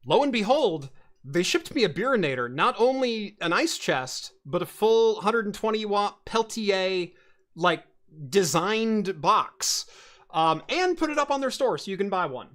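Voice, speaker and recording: A man's voice: sits high, a little slow. A man hosting a casual tech podcast, telling stories in a rambling way with lots of fillers and restarts. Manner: rambling, many fillers and restarts, animated storytelling. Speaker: podcast host.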